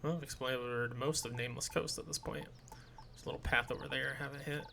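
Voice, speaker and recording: Male streamer, casual play-by-play commentary, crisp bright tone. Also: medium pitch, fairly even intonation, fairly quick, slight background noise. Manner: reads game dialogue aloud for all characters.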